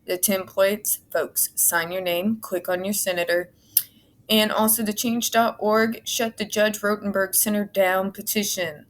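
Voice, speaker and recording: Woman, vlogger, slow-talking, blunt, sarcastic, swears, reads a report aloud. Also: medium pitch, steady tone, slight background noise. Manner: blunt, exasperated, swears freely; sarcastic asides between read passages. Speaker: advocacy vlogger. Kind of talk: casual commentary reading a court report.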